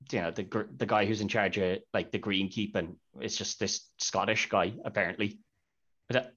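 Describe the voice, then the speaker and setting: On a podcast with dull lo-fi audio, a male host with a lowish, slightly bright voice chats casually about a film. He retells scenes and quotes lines from them.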